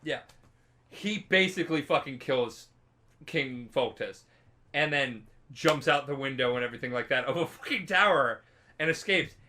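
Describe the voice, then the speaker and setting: A man's voice: medium pitch, moderate pace. A tipsy young man co-hosting a podcast, rambling and swearing as he casually retells a story. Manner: rambling, profane, animated. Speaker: podcast co-host.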